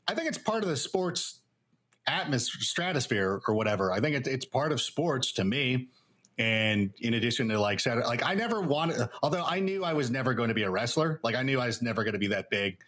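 Male interview guest, chatty and rambling, lively storyteller, plenty of "like" and restarts. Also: mid-range voice. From Los Angeles area. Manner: rambling, animated storyteller with many fillers. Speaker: guest analyst. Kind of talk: casual interview chat.

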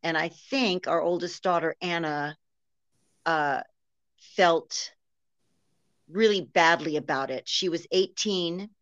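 Lower-voiced woman, steady storyteller. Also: slow, pauses often, dry recording. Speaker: interview guest. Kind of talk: personal interview talk. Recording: dull, slightly lo-fi recording.

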